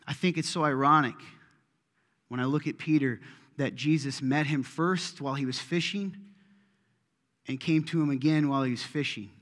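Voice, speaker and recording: A middle-aged man preaching a sermon to his congregation, swinging between loud bursts and hushed asides. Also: fairly high pitch, moderate pace, long pauses. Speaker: pastor. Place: church auditorium. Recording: reverberant hall.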